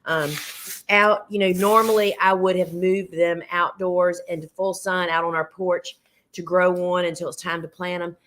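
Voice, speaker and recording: A middle-aged woman hosting a casual live gardening show, chatty and homey, her voice a little hoarse from losing it. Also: fairly low pitch, level tone, normal speed, fairly bright tone. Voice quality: chatty, homey, addresses viewers as friends.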